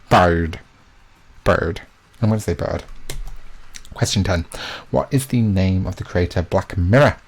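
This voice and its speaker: Man, quiz host, low voice, self-mocking chatter. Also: a little mellow, breathy edge. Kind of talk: live online quiz hosting.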